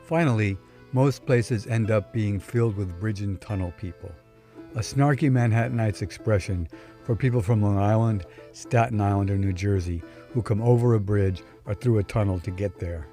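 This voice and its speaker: A man with a low, mellow voice reads his own anecdote aloud in a dry, wry way, close to the mic. Soft music runs faintly underneath. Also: normal speed. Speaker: storyteller, podcast host. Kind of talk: scripted first-person storytelling.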